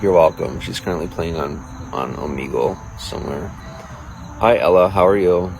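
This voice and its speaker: A man's voice: low voice, moderate pace, gravelly, background noise. A man livestreaming, chatting casually with viewers and reading out their comments in a crude, boastful, rambling way.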